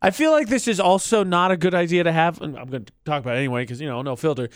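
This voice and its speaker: A man's voice: on the high side, rapid-fire, no echo, clean studio sound. A man co-hosting a morning radio show, telling stories in a chatty, joking way. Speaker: radio co-host.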